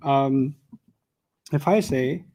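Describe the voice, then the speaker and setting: A man's voice: mid-range voice, extremely slow, dark tone, slight background noise. A man teaching a live class, explaining step by step and asking the room rhetorical questions, with joking asides.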